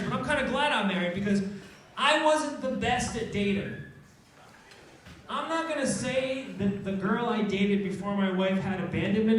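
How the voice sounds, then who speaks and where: Man doing stand-up in an echoey pub. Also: high voice. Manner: wry, self-deprecating, laughs at own jokes. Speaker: stand-up comedian. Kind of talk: stand-up set. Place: small pub stage. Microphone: far handheld camera. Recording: echoey pub from a far camera.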